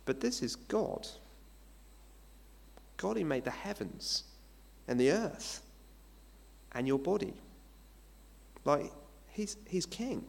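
A man's voice: on the high side, sing-song, slow, creaky, long pauses. Conversational male pastor in a reverberant hall. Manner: conversational preaching with rhetorical questions. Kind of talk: sermon.

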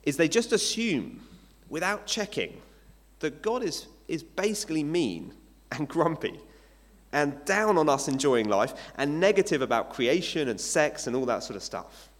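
A man's voice: fairly high pitch, expressive, unhurried. A male pastor giving a sermon in a conversational way, asking his listeners rhetorical questions. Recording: long hall reverb.

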